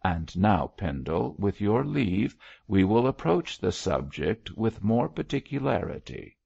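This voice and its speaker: Blunt doctor, firm and exhorting, voiced by a male narrator; low, lively delivery. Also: measured pace, gravelly, slightly rough, no echo, lo-fi sound, heavily acted.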